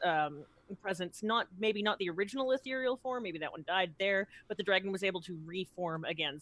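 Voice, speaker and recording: Bright, casual, swearing woman player. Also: mid-range voice, no room sound. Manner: casual and profane. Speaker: game player. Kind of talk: casual podcast chat.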